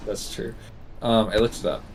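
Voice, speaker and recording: A man's voice: on the low side, fairly even intonation, moderate pace, a little hiss or hum. A man streaming a game live, chatting casually and rambling, correcting himself as he goes.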